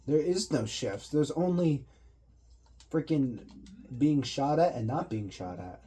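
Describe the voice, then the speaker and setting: A man's voice: on the high side, animated, slow, mellow, husky. A man giving loose, slangy commentary and explaining what he does while he plays a video game. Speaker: gaming commentator. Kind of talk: casual gameplay commentary.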